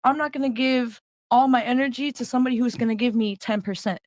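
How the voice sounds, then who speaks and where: A woman's voice: on the high side, steady tone, fast talker, no echo. Defensive woman guest, dry close sound. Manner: casual, defensive, restarts to rephrase. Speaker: podcast guest. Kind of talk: casual debate talk. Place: podcast studio.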